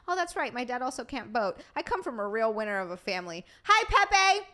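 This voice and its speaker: A woman's voice: on the high side, sing-song, a little fast, sharp tone. A woman streamer chatting casually with her live chat, bubbly and rambling, reading messages aloud.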